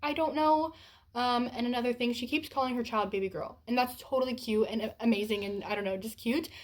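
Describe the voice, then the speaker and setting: A young woman chatting casually on her book vlog, in an animated, self-deprecating way. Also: fairly high pitch, brisk. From United States. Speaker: book vlogger.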